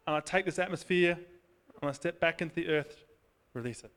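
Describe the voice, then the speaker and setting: A male preacher with a somewhat high voice tells his story in a loose, chatty way and pokes fun at himself. His tone stays conversational as he leads into prayer. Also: a little fast, fairly bright tone, clean tone. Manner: conversational, self-deprecating, builds to prayer. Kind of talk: sermon with personal storytelling.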